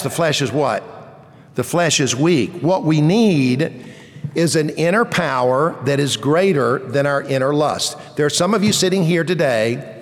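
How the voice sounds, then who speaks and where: High-pitched guy preaching a sermon, pushy teacher vibe, lots of questions to the crowd, big echoey church hall. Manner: emphatic teaching, rhetorical questions to the congregation. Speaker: pastor. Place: large church sanctuary.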